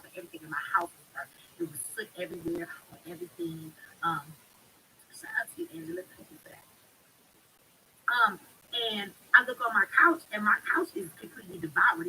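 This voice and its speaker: A woman's voice: fairly low pitch, bright, forceful tone, slight background noise, low-quality recording. A woman hosting a live stream, talking bluntly and emphatically in a heated monologue. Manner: blunt, emphatic, speaks with heavy profanity.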